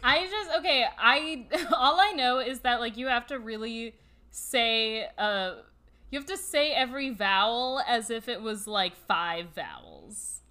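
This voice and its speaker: A woman's voice: on the high side, big pitch swings, a little slow, bright, forceful tone. A woman co-hosting a podcast, chatting casually, giggling often and recapping scenes with playful build-ups. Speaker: podcast co-host. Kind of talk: casual chat.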